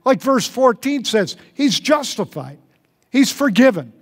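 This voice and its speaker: A man's voice: very high voice, very animated, unhurried, slightly rough. A male pastor preaching a sermon in an earnest way, repeating key phrases for emphasis and leading the congregation. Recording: church service recording.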